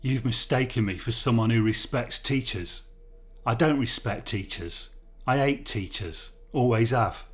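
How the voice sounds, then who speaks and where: A man's voice: medium pitch, measured pace, natural voice. Guy playing a sarcastic tough prisoner, mocks everything, slangy and distrustful, story reading. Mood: scornful. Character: sneering streetwise male prisoner, mocking and distrustful.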